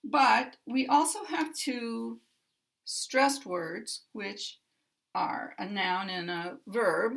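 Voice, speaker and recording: Slow, bright-voiced American woman teaching. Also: on the high side, gravelly. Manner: deliberate, stretches stressed words for demonstration. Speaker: pronunciation teacher. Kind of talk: explaining pronunciation in a lesson.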